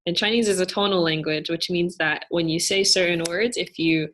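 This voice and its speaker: A young woman with a fairly low voice answers questions in a relaxed Q&A. She talks thoughtfully and patiently, pausing often and hedging as she explains. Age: young adult. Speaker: student cultural navigator. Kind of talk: casual Q&A answers.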